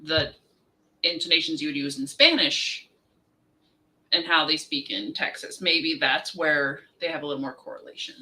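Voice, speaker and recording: A playful woman chatting casually and teasing her co-host, often giggling. Her tone is very bright and sharp. She sounds set back from the microphone. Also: low voice, moderate pace, distant mic, poor audio. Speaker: writing sprint co-host. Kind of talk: casual group chat on a livestream.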